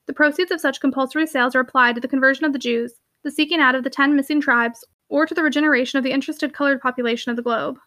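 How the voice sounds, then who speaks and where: A woman reading a classic novel aloud in a brisk, lively narration. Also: high voice. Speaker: audiobook reader.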